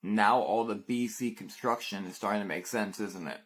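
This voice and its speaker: Brief: deep male online creator, slow speculative monologue, leading questions to viewers. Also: fairly bright tone, breathy edge. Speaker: short-video creator.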